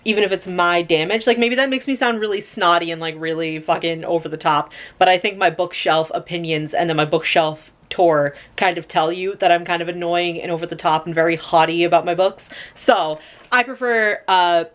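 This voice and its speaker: A woman's voice: fairly low pitch, fairly quick. A young woman chatting casually at home in a haul vlog, rambling with lots of fillers and casual swearing, recorded on a camera mic. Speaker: vlogger. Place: home room.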